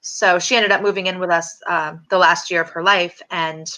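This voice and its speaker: A middle-aged woman talks through a personal story as an interview guest. Her voice sits low yet sounds bright and forceful, and she stops and restarts often, filling gaps with ums and uhs. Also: steady tone. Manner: halting, many fillers and restarts.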